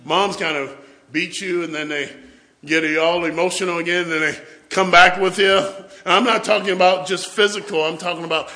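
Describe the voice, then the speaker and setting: Bright-voiced man preaching with humor. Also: sits high, steady tone, moderate pace. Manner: humorous storytelling, acts out family scenes. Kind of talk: sermon. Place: church with a responding congregation.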